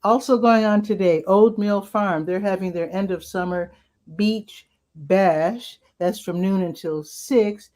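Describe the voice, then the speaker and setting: A woman's voice: mid-range voice, steady tone, normal speed, few pauses, mellow. A woman hosting a casual rundown of local weekend events, chatty and upbeat with asides, her voice cracking now and then. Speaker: community events host.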